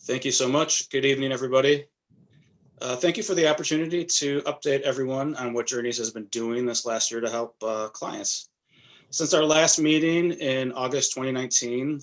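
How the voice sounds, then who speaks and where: A man, a clinical director, giving a steady prepared update to a board meeting. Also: mid-range voice. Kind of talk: prepared report.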